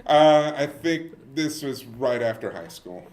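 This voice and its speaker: A man's voice: medium pitch, slow. A man in his thirties telling a story in casual podcast chat and acting out the quoted lines. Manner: animated, acts out quoted lines.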